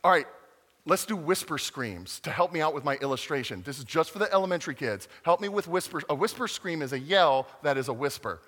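A man's voice: on the high side, animated, fairly quick, a bit bright, big-room sound. A man giving a playful, interactive sermon to children and adults at church, drawing the audience in with questions. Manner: playful, interactive, acts out voices. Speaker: children's pastor. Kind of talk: animated family sermon to kids and adults.

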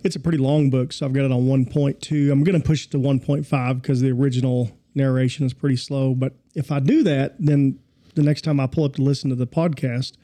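Easygoing man, very dark voice. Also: mid-range voice, steady tone, fairly quick. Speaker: podcast co-host. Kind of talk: casual chat.

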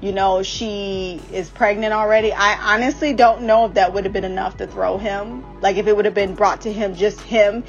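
A woman's voice: medium pitch, steady tone, moderate pace, hardly any pauses, dull audio, faint music behind. A woman giving a casual, blunt and profane TV recap. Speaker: podcast host recapping a TV series.

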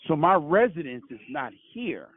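A man's voice: fairly high pitch, sing-song, normal speed, no room sound. A man from Brooklyn, calling in to share a testimony, full of stammered restarts and "you know what I'm saying". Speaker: caller. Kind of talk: casual testimony on a call. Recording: dry tinny phone line.

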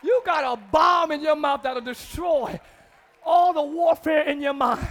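A man preaching a live church sermon, shouting call-and-response lines to the congregation and laughing between exhortations. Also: very high-pitched, measured pace, some chatter behind. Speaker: pastor.

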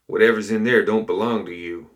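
A man's voice: lowish voice, steady tone, fairly quick, a bit bright, close to an everyday voice. A man doing a grim drawling bayou gremlin. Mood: stern.

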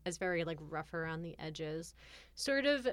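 A woman's voice: sits low, animated, normal speed, a bit bright, no echo. A woman co-hosting a podcast, chattily recapping a film plot with laughs. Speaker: podcast co-host. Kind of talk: casual film discussion.

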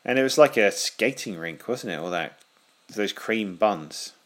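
A man co-hosting a podcast, chatting casually in a deadpan, joking way. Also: lowish voice, measured pace. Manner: deadpan, joking, absurd banter. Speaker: podcast co-host. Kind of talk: casual chat.

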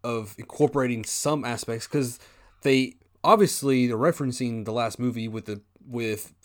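A man's voice: mid-range voice, fairly even intonation, normal speed. A man co-hosting a podcast, recapping a film and asking questions in loose, filler-heavy casual chat. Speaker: podcast co-host. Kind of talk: casual movie discussion.

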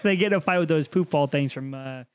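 A man's voice: fairly high pitch, fast, clean tone, dry recording. A man co-hosting a comedy podcast, describing scenes in vivid, profane detail. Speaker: podcast co-host. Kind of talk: casual comedy chat.

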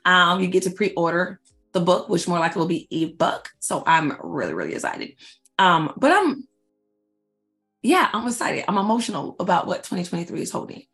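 A woman in her forties, a faith-based life coach, chatting casually and excitedly to her followers, repeating herself for emphasis and calling them y'all. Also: on the low side, normal speed, soft background music. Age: 40s. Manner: slangy, addresses audience as y'all. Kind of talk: casual announcement chat to followers.

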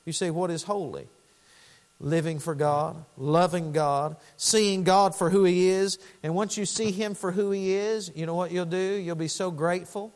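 High-voiced fervent preacher in a reverberant hall. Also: male voice, fairly even intonation, normal speed. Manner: fervent preaching, swinging from quiet pleading to loud urgency. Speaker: pastor. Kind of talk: sermon. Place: church sanctuary. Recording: long church hall reverb.

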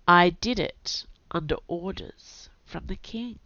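A woman with a cold voicing a stern, poised older witch who speaks in a brisk, businesslike way. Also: on the low side, pushed and bright, no room sound. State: has a cold. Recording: dull, dry audio.

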